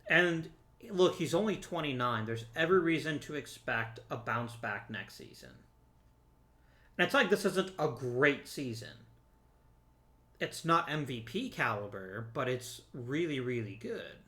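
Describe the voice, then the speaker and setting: Male gameplay host, bright tone, chatty and jokey, talks back to the screen. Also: mid-range voice, animated, a little slow. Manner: chatty and joking, talks to the viewers and to the players on screen. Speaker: let's play host. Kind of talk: casual gameplay commentary.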